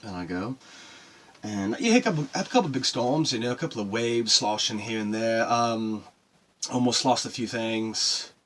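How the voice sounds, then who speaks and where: An actor playing a rough-talking male sailor who recounts his solo voyage in a rambling, emotional monologue. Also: mid-range voice, expressive, moderate pace, fairly bright tone. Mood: awed. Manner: profane, rambling and emotional storytelling. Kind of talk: dramatic monologue.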